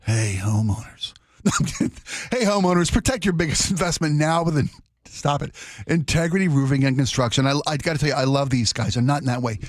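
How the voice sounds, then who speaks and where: Playful radio guy teasing his cohost, voice on the high side, dry close mic. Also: quick pace, dry recording. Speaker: radio co-host. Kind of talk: casual radio banter and live ad read. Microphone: studio mic.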